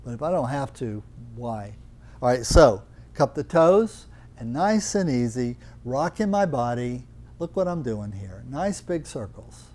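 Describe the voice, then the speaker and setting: A man's voice: mid-range voice, big pitch swings, unhurried, a little mellow. An older man teaching a live Thai yoga class, chatty and teasing, explaining with questions to students in the room.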